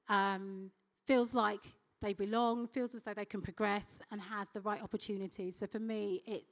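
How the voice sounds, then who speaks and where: A woman speaking on a conference panel as a company executive, telling a personal story in an animated way and acting out quoted dialogue. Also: medium pitch.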